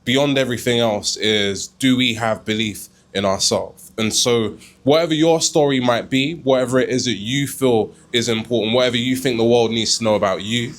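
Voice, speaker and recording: A man speaks as a guest in a calm, thoughtful manner, choosing his words with care. His voice sits at a middle pitch and an even, measured pace. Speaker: guest, government worker. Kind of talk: reflective casual answer.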